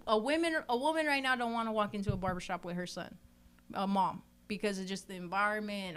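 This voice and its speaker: A woman's voice: mid-range voice, lively intonation, fast, a bit bright. A woman guest on a podcast, talking emphatically about her barber work in casual chat.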